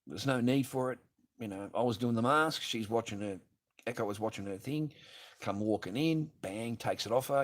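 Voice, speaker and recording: A man's voice: mid-range voice, moderate pace. A man, ranting profanely and repetitively in a livestream monologue from his garage.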